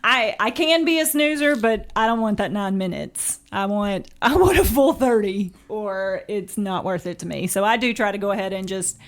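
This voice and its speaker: A woman's voice: medium pitch, normal speed, hardly any pauses. A middle-aged woman co-hosting a lifestyle podcast, chatting in an upbeat way and laughing often. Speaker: podcast co-host. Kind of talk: casual group chat.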